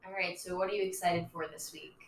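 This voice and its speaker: A woman's voice: lowish voice, flat delivery, fast. A woman, a teacher, co-hosting a casual podcast chat and guiding the conversation. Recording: echoey, distant mic with faint background noise.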